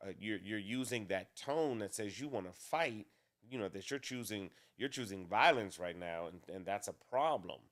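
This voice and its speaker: A man with a fairly low voice talks through relationship questions at an easy, considered pace. He doubles back and restarts now and then, like someone working his thoughts out aloud. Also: lively intonation, fairly bright tone. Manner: deliberate, measured, with restarts. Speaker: co-host. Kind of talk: casual relationship talk.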